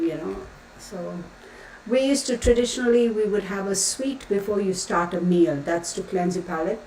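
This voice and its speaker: A woman's slightly mellow, medium-pitched voice comes from a distance as she hosts a casual tarot livestream, rambling and reading out viewer comments. The room is echoey, she's off the mic, and faint room noise is audible.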